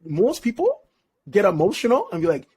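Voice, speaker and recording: Husky-voiced man, slangy and animated. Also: sits high, fairly quick. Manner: slangy, animated, laughs often. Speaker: relationship expert guest. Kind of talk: casual podcast interview.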